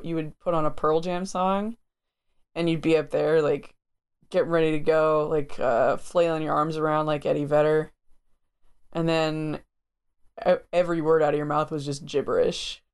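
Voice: mid-range voice, creaky, smooth. Playful podcast co-host, laughs a lot, goes on long explanations. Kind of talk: casual chat.

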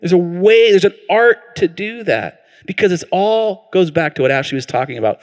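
Guy preaching in a church, swoops all over in pitch, big echoey hall. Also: moderate pace. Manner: animated storytelling with acted-out quotes. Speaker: pastor. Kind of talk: sermon.

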